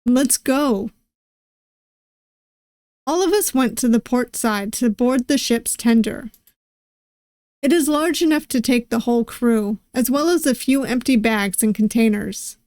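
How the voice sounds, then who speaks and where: Her voice is on the high side with a darkish tone at normal speed, captured in clean studio sound without room noise. The woman, a VTuber game streamer, giggles through a visual novel reading and teases herself about her attempted voices.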